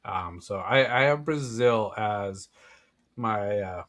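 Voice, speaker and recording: Speaking slowly in a lowish, slightly bright voice with lively intonation, a male co-host chats casually on a sports podcast about soccer predictions. He's easygoing, restarting often and dropping in plenty of "yeah."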